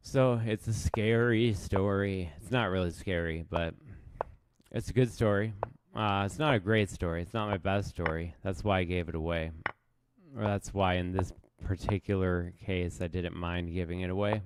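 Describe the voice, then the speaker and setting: A man's voice: low-pitched, steady tone, normal speed, noisy background. A man streaming chess live, thinking aloud as he plays in a casual, self-mocking way. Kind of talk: casual live game commentary.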